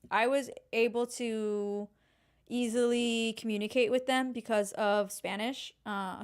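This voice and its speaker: A woman's voice: a little high, smooth. A woman co-hosting a podcast, chatting in a playful, crude and teasing way. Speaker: podcast co-host. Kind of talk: casual podcast chat.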